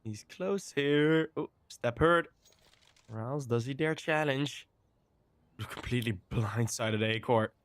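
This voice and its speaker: A man casting a live match with play-by-play commentary, excitable and quick to exclaim between calls. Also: medium pitch, dry recording. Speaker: esports caster.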